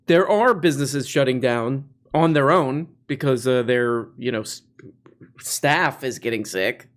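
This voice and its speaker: A man's voice: medium pitch, unhurried. Male podcast host, sarcastic, mocking tone, casual riffing, mid-range voice. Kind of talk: casual comedic commentary.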